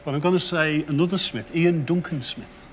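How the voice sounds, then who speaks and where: An older man with a Liverpool accent, answering quiz questions in a dry, wry way. His voice sits a little high for a man, with a faint hum behind him in the studio. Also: normal speed. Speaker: quiz contestant. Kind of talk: casual studio banter.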